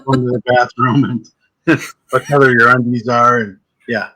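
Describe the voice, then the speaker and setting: Male guest, casual joking storyteller, bright forward voice. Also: mid-range voice, fairly even intonation, poor audio. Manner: joking storyteller, quick asides. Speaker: guest psychic medium. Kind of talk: casual chat.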